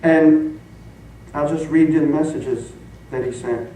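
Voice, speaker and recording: Here a middle-aged man, a pastor, laughs and tells stories with animation during a sermon. He speaks unhurriedly in a fairly high voice, with some background noise, and the mic sits far away in a reverberant church sanctuary.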